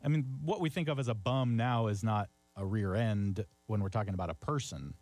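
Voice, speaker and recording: A man's voice: on the low side, brisk, a little mellow, dry recording. A man co-hosting a casual chat about word origins, curious, asking questions and musing aloud. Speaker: podcast co-host.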